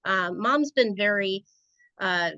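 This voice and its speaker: A woman's voice: mid-range voice, expressive, slow, pushed and bright, clean tone, dry recording. A woman from Rhode Island, a podcast guest, telling stories in a chatty, casual way. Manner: chatty, storytelling. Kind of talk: casual interview chat. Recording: dry, dull lo-fi sound.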